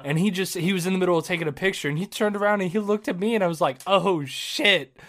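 A young man telling a story in casual podcast chat, animated, swearing and laughing, acting out his own shouts. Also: high voice, rapid-fire.

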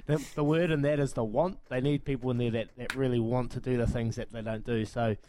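A man with a New Zealand accent chats about rugby league on a radio show. He sounds relaxed and friendly, easygoing in his delivery and generous with praise. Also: mid-range voice, brisk, a little hiss or hum. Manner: relaxed, friendly, uses "mate" and "bloke".

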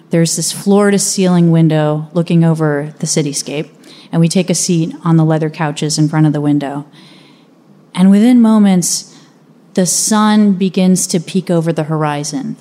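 Young american-raised woman telling a personal story on a talk stage, kinda low voice, chatty and vivid. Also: warm tone. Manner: conversational, vivid storytelling with playful asides. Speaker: speaker.

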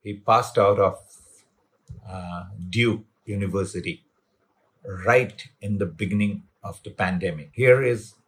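A man speaking in a measured, quiet manner. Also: fairly low pitch.

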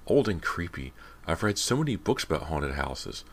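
A man's voice: low voice, big pitch swings, moderate pace, exaggerated voice. A man voicing an anxious, ghost-obsessed younger sister in an audiobook, speaking in an insistent, plaintive way. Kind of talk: audiobook character voice.

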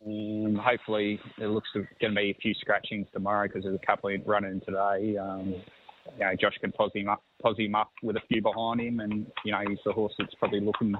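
A man, a horse trainer talking over the phone in a halting, easygoing way that repeats words. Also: fairly low pitch, completely flat delivery. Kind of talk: phone interview. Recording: tinny phone line with faint noise.

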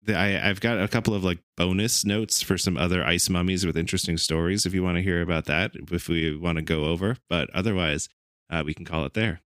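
Man, podcast host, very low voice, rambling and filler-heavy, dry close sound. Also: steady tone, brisk, a bit bright, dry recording. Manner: rambling, filler-heavy, putting on silly voices while reading notes. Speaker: podcast host presenting a topic. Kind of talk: casual podcast chat.

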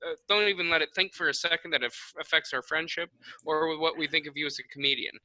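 A man's voice: on the high side, fairly even intonation, fast talker, bright, forceful tone, low-quality recording. A man hosting a comedy podcast with jokey, mock-sincere banter. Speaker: host.

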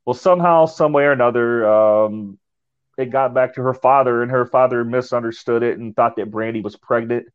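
A man's voice: medium pitch, steady tone, normal speed, clean tone, narrow, tinny audio. Rambling man recounting a ghost story. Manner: rambling, repeats and restarts words. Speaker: paranormal investigator. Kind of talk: casual storytelling.

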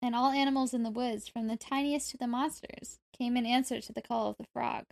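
A woman reads a folk tale aloud for a comedy podcast, playful and ready to laugh at her co-host. Her voice sits a little on the high side. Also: fairly even intonation, fairly quick, gravelly, a little mellow. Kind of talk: storytelling read-aloud with joking asides.

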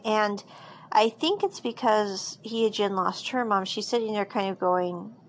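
A woman's voice: mid-range voice, measured pace, a little hiss or hum, poor audio. A woman casually recapping a drama episode, rambling with frequent fillers and restarts.

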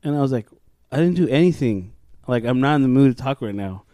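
A man's voice: medium pitch, animated, fast, dark tone, no room sound, studio quality. A young man co-hosting a casual podcast chat, telling a story with lots of swearing and laughter. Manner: laughing storyteller, acts out quotes, swears a lot. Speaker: podcast co-host.

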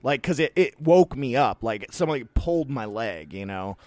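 A man co-hosting a casual podcast, telling stories in a rambling, animated way with frequent laughs. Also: medium pitch, normal speed, no room sound. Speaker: podcast co-host. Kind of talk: casual chat.

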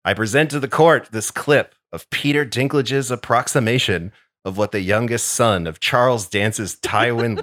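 A man's voice: fairly low pitch, a bit bright, no room sound, studio quality. A man co-hosting a podcast, presenting his debate pick in a theatrical, affectionate courtroom style. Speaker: podcast co-host. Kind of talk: semi-scripted debate opening.

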